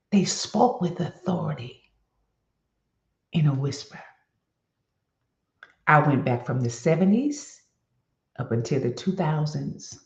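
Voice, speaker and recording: Lower-voiced woman vlog host, lively and conversational, recorded with muffled lo-fi sound. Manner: animated and chatty, addressing viewers as y'all. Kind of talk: casual motivational vlog talk. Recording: echoey room with dull lo-fi sound.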